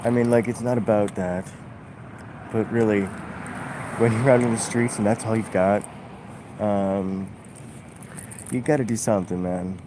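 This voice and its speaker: A man vlogging a halting, musing spiritual monologue, full of fillers. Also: on the low side, fairly even intonation. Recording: outdoor traffic noise.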